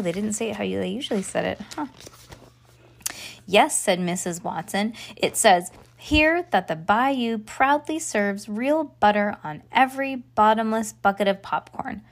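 A woman reads a children's book aloud for a podcast, her voice sitting a little on the high side. She slips into playful character voices and breaks off for chatty, joking asides. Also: vocal fry. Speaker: podcast host reading aloud.

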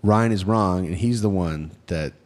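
Jokey American man, somewhat low voice. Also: unhurried. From United States. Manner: jokey, loud outbursts, mock indignation. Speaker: podcast co-host. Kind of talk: casual banter.

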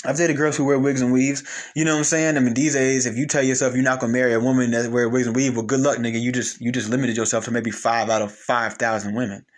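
A young man giving a blunt, animated casual monologue on relationships, full of slang and repeated phrases. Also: medium pitch, quick pace, few pauses. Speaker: commentator.

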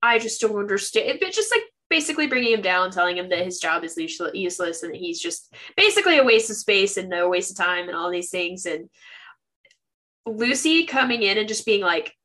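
A woman's voice: mid-range voice, sing-song, brisk, sharp tone. A young woman co-hosting a casual book podcast, retelling scenes animatedly and acting out the lines she quotes. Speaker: podcast co-host. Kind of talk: casual chat.

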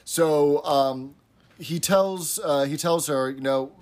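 Slightly high-voiced man recapping an episode. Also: slow pace. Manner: steady recapping with fillers like "um" and "uh". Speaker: podcast co-host. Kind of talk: casual chat and episode recap.

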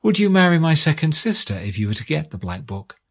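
A man's voice: on the high side, big pitch swings, a little fast, voice pushed up. A man voicing a clever, fearless young woman who speaks defiantly in a lifted voice. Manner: defiant, determined.

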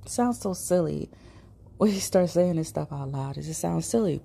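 A woman's voice: deep voice, creaky, mellow, husky. A woman with a St. hosting a podcast, telling a personal story in a chatty, casual way, swearing now and then and sometimes dropping to a whisper. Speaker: podcast host.

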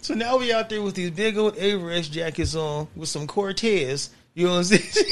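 The same kind of slangy, laughing storyteller from California hosts a casual podcast, dropping "you know what I'm saying" again and again. His high voice moves at a moderate pace over a slight hiss or hum.

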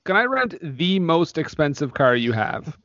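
A man's voice: a little high, big pitch swings, unhurried, fairly bright tone, dull audio. A man co-hosting a casual movie review chat, laughing often and acting out lines from the film. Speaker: podcast co-host.

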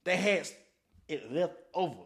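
A man's voice: fairly high pitch, moderate pace. A man co-hosting a casual podcast, telling Bible stories animatedly and acting out voices. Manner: animated storytelling, acts out voices and shouts. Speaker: podcast co-host. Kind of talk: casual faith chat.

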